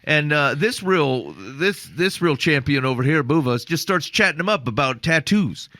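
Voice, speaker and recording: A man's voice: fairly high pitch, normal speed, dry recording, clean studio sound. Man telling a rambling story. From Iowa. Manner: rambling, animated anecdote telling with laughs. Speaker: podcast host. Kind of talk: casual storytelling chat.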